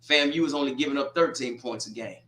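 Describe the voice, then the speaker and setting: A man hosting a casual college football preview, animated and talking straight to teams and viewers. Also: medium pitch, fast. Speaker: sports show host. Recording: echoey room.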